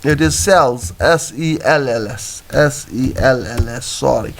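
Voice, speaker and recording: A man teaching poetry in a halting classroom lecture, with many fillers and self-corrections. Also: a little high, animated.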